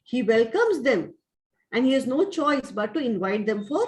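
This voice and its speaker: Expressive woman storyteller. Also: a little high, moderate pace, low-quality recording. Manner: lively, expressive storyteller with tag questions. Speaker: spiritual teacher. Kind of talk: storytelling lesson.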